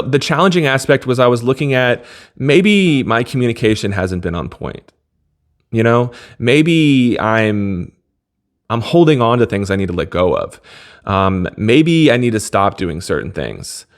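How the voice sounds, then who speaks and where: A young man with a somewhat low voice talks in a relaxed, meandering monologue. He wanders off track, trips over his words and restarts, keeping a casual chatty tone throughout. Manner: rambling, self-interrupting, laid-back. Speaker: vlogger.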